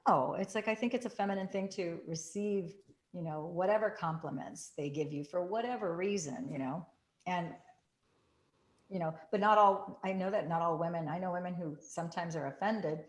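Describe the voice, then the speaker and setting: Woman chatting away telling a story, acts out the quotes, sounds kinda echoey. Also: moderate pace. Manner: animated, acts out quotes with big pitch jumps. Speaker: group participant sharing a story. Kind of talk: casual storytelling. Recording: roomy echo.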